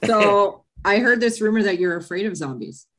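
A woman's voice: mid-range voice, moderate pace. A woman hosts a podcast in easy conversation, her voice sitting mid-range. She chimes in with short, playful jokes and asides. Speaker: podcast host. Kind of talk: casual chat.

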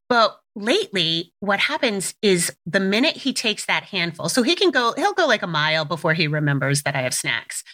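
A middle-aged woman hosting a parenting podcast, telling a story in a chatty, candid, animated way and swearing now and then. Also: medium pitch, fairly quick, hardly any pauses. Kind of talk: casual storytelling monologue.

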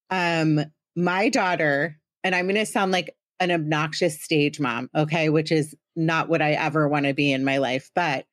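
A woman in her thirties hosts a podcast in a chatty, teasing and self-deprecating way. Her voice sits a little low, and the sound is dry and close with no room echo. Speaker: podcast host. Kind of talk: casual chat.

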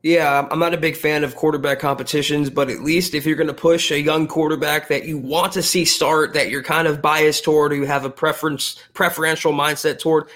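Measured man co-hosting a sports podcast. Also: fairly high pitch, fairly bright tone. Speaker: podcast co-host and sports writer. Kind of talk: casual sports podcast talk.

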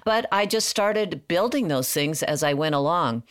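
A woman's voice: sits low, expressive, a little slow, dry recording, clean studio sound. A woman in her sixties, a portrait photographer, telling her story candidly in a casual interview and laughing often. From California. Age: 60s.

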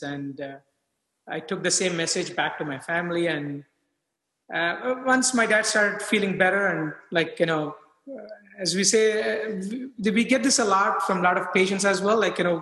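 High bright man in echoey room. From India. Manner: halting, many fillers and restarts. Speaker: physician guest. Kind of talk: casual interview talk. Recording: echoey room with long reverb.

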